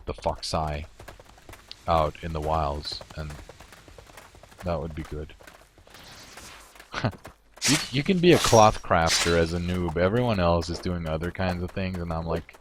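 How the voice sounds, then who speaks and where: A man with a very low, deep voice chats through a game stream. He rambles from thought to thought and laughs at himself. Faint hiss sits under his voice. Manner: rambling, self-amused, thinks aloud. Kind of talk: casual gameplay commentary.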